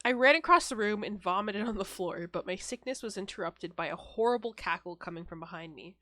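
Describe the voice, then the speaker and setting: A young woman co-hosting a podcast, reading a horror story aloud in a flat, deadpan way, often breaking off to laugh and swear. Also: mid-range voice, brisk, no echo. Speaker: podcast co-host.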